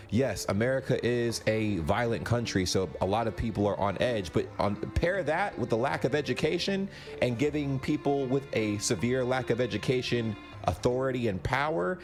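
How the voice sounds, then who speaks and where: A man hosting a reaction video, talking in a casual, animated and incredulous way. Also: fairly low pitch.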